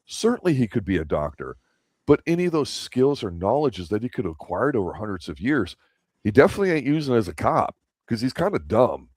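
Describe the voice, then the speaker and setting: A man's voice: medium pitch, big pitch swings, fairly quick, a little mellow, breathy edge, dry recording, clean studio sound. A man hosting a casual TV review chat, rambling and opinionated with lots of restarts. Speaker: host of a TV review show.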